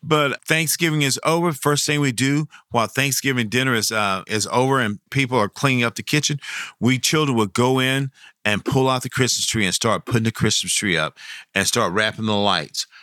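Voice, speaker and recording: A man's voice: mid-range voice, normal speed, no echo, clean studio sound. A middle-aged man, telling folksy, rambling stories in an interview. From Arkansas. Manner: folksy, rambling, warm storyteller. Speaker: professional Santa Claus guest. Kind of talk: storytelling interview.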